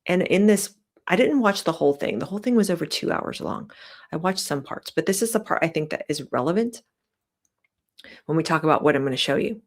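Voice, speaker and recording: A woman with a very low voice talks straight to her viewers in a casual vlog. Her commentary is chatty and opinionated, full of fillers. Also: expressive, brisk. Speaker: vlogger.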